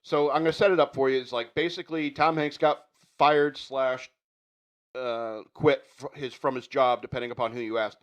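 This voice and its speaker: A man's voice: mid-range voice, fairly even intonation, normal speed. A man hosting a radio show, chatting casually and rambling with frequent chuckles. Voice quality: chuckling, rambling, self-interrupting. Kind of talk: casual chat.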